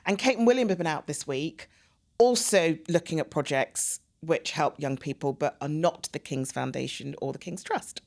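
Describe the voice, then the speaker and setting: A woman hosting a news chat show, reacting quickly and steering the discussion. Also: deep voice, vocal fry, darkish tone. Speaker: host.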